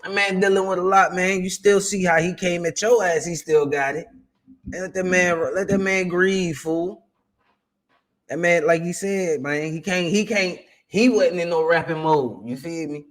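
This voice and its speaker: A man's voice: high-pitched, measured pace. Slangy young man reacting on stream. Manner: slangy, repeats "man" and "you feel me". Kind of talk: casual reaction commentary.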